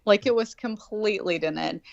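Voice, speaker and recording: Her voice is mid-range and creaky at a normal speed as a woman in her forties rambles through a profane story, acting out all the quotes animatedly. The lo-fi recording is dull and dry, with no room sound.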